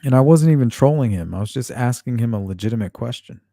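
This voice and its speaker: Hosting a true-crime livestream, this man talks fast and animatedly in a medium-pitched voice that is both gravelly and mellow. The studio-quality recording has no room sound. He chats casually, reads out viewer comments, and stays blunt and profane, leaning on lots of fillers.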